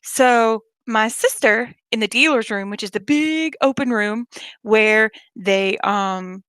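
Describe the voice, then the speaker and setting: A woman's voice: a little high, takes it slowly, clean tone, dry recording. A young woman with a Southern US accent telling rambling stories and chatting casually with her viewers late at night. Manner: rambling, animated storytelling with frequent laughs and swearing.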